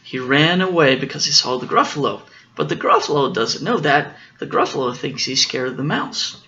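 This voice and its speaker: A father reading a picture book aloud to his children, gently explaining the story as he goes. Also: a little high, expressive, normal speed, dull audio, slight background noise.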